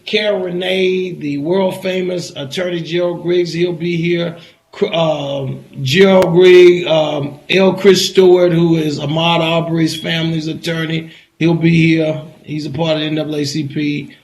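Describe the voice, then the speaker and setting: A woman who hosts and owns a radio station, talking in a brash, rapid-fire way as she reels off lists. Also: deep voice, fairly even intonation, darkish tone, roomy sound, poor audio. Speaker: radio station owner and morning show host. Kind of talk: casual radio talk.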